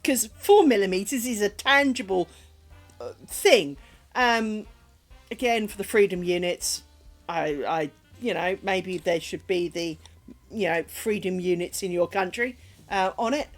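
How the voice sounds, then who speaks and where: A woman's voice: medium pitch, expressive, unhurried, soft background music. A middle-aged British woman streaming from home, chatting casually while she crafts, rambling along with dry humour and plenty of swearing.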